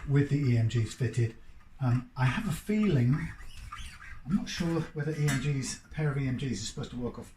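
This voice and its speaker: A man's voice: medium pitch, expressive, moderate pace, noisy background. A man working as a guitar technician, rambling and thinking aloud in casual commentary while he works at his bench. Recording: roomy workshop echo.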